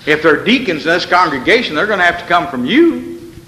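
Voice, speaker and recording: A man's voice: fairly high pitch, very animated, a little fast, pushed and bright. A male pastor giving an evening sermon in a church, reading scripture and pressing points with rhetorical questions and folksy asides. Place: church sanctuary. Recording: echoey hall with long reverb.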